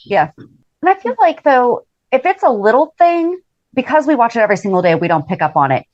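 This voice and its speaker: A woman's voice: a little high, sing-song. Woman hosting a fan podcast, chatty, kinda muffled lo-fi sound. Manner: chatty, quick backchannels. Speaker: podcast host. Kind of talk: casual interview chat.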